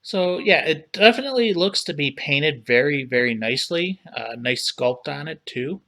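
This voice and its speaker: A man hosting a casual livestream, talking in an unhurried, relaxed way as he browses and reads things aloud. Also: a little high, vocal fry. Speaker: livestream host reviewing collectible figures.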